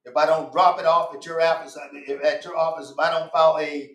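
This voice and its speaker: A man talks in a high voice on a casual podcast. He is emphatic and insistent and circles back to repeat his points. The sound is roomy, with a noticeable echo. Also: little pitch movement, a little fast, a bit bright, highs cut off. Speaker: guest. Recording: echoey room.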